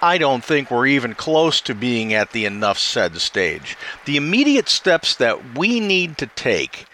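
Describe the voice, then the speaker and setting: A man's voice: mid-range voice, sing-song, sharp tone, slight background noise. A man giving political commentary, asking rhetorical questions. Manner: rhetorical questions, quick delivery.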